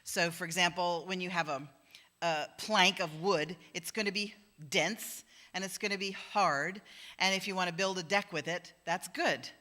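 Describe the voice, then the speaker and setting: A woman's voice: lowish voice, moderate pace, bright, forceful tone. A woman minister giving a conversational sermon in a church, acting out the voices she quotes. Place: church sanctuary.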